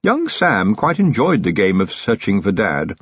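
A man's voice: fairly low pitch, big pitch swings, measured pace, a bit bright, breathy edge, dry recording, dull audio, full character voice. Man putting on a cheeky, knowing manservant. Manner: blunt, knowing, chatty. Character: shrewd cheeky male manservant, middle-aged.

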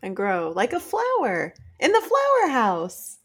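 A woman co-hosting a podcast in casual chat, chatty and laughing often, animated when she retells stories. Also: fairly high pitch, unhurried, slightly rough. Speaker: podcast co-host.

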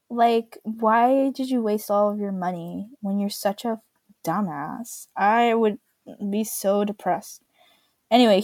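A woman's voice: a little high, mellow, no echo. A young woman in a snarky, rambling solo rant, mocking and full of fillers, recorded on a close mic. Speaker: solo commentator. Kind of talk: casual ranting monologue.

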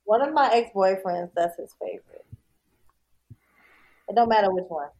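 A woman co-hosting a podcast in casual chat, animated, laughing often and swearing freely. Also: medium pitch, normal speed. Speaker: podcast co-host.

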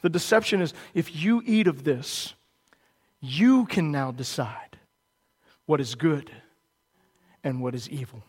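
Male pastor with a high voice, preaching emphatically and asking questions. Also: slow pace, long pauses, breathy edge. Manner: emphatic, asks the listeners questions. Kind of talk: sermon.

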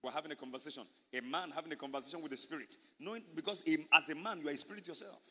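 Emphatic high-voiced male preacher. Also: rapid-fire, bright, forceful tone. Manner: call-and-response preaching, emphatic, repetitive. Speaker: pastor. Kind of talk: sermon. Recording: reverberant hall.

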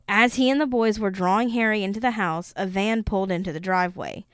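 Smooth-voiced woman reading a book aloud. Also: mid-range voice, brisk, hardly any pauses, no room sound, clean studio sound. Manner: steady reading with laughing asides. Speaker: podcast host.

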